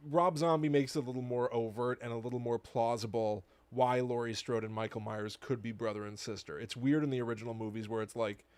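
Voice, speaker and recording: A man in his thirties with a mid-pitched voice, co-hosting a casual podcast. He rants animatedly and mimics others mockingly. The sound is close and dry. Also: a little fast, few pauses, dry recording. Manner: animated, ranting, mocking impressions. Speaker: podcast co-host. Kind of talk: casual chat.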